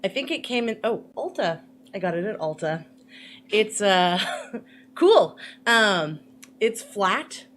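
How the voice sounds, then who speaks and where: A woman's voice: mid-range voice, expressive, measured pace, a bit bright, a little hiss or hum. A woman chatting casually through a makeup tutorial, rambling with lots of fillers and playful asides. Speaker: makeup vlogger.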